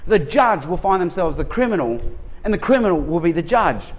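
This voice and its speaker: A high-voiced Australian man in his forties delivers a sermon with lively, humorous energy. He jokes with the congregation and acts out the voices in his stories. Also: a little fast. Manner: animated, humorous storytelling. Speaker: pastor.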